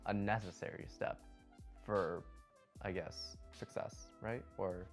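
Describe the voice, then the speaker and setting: A relaxed young man interviews a guest in easygoing, chatty fashion, firing off lightning-round questions and laughing often. His voice sits a little low, with faint music running under it. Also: takes it slowly. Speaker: interviewer and series host.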